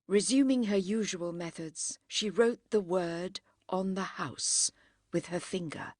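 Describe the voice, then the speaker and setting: A woman narrating a classic novel as an audiobook, measured and expressive. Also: lowish voice, no echo, clean studio sound.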